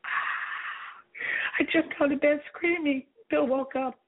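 Lady reading her own book out loud, breathy high voice, sounds tinny like a phone. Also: fairly even intonation, normal speed. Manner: earnest, emotional storytelling. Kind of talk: reading aloud from a memoir.

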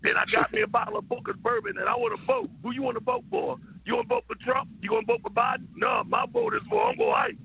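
A man playing a rowdy, boozy old uncle on a radio talk show, gravelly and stammering, shouting out bawdy jokes. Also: very high voice, very animated, quick pace, hardly any pauses, slight background noise, full character voice. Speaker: regular comic character. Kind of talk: comic radio call-in bit. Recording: tinny phone-line radio audio.

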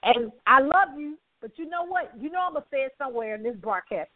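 Effusive high-voiced woman host, phone line. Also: animated, quick pace, no room sound. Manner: effusive, repeats phrases, laughs often, preacher-like emphasis. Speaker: talk show host. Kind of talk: enthusiastic broadcast outro.

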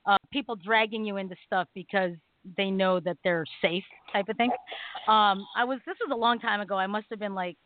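A woman co-hosting a talk radio show, telling a story in a casual, animated way and acting out the people in it. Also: medium pitch, fairly quick, no room sound. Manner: animated storytelling, acts out quoted voices. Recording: dry phone-line audio.

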